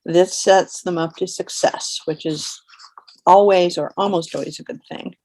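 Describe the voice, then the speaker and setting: Woman, lowish pitch, friendly-practical tutor trainer, conversational delivery. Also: fairly even intonation, measured pace, darkish tone. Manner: conversational, practical explaining with fillers. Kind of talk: instructional presentation.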